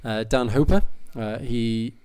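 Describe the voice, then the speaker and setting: A man's voice: medium pitch, unhurried, a little mellow, smooth. A man hosting a podcast, talking in a rambling, enthusiastic way with many fillers and restarts. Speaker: podcast host. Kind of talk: casual chat.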